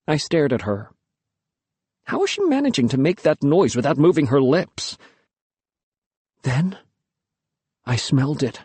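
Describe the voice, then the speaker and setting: A man's voice: a little high, sing-song, unhurried, long pauses, a little mellow, slightly rough, no echo. A man narrating an audiobook in the first person, telling the story expressively and without hurry.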